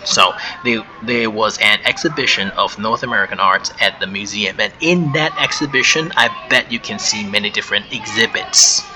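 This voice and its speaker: A man teaching English vocabulary in a recorded lesson, explaining each word patiently and repeating words slowly for pronunciation, with brief translations into Chinese. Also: fairly low pitch, low-quality recording.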